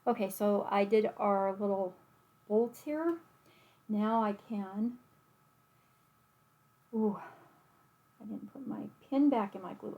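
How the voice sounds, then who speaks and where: A woman's voice: mid-range voice, takes it slowly, pauses often, warm tone, rough recording. A woman demonstrating card making at home in a casual tutorial, chatting to herself as she works. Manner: chatty, talks to herself and her dog while working.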